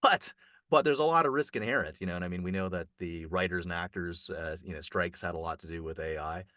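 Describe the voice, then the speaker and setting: A chatty man with a bright, forceful voice, recorded dry and close. He rambles through a festival report with plenty of fillers and restarts. His pitch leaps up when something excites him, though his voice sits fairly low. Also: fast talker, no room sound. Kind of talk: casual conversational report.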